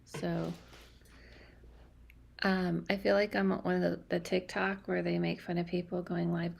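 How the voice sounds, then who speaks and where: A woman's voice: lowish voice, flat delivery, unhurried, vocal fry, pauses often, a little hiss or hum. Chatty woman hosting a livestream. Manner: chatty, scattered, many fillers and restarts. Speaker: medium doing live readings. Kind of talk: casual livestream chat. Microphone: phone or webcam livestream.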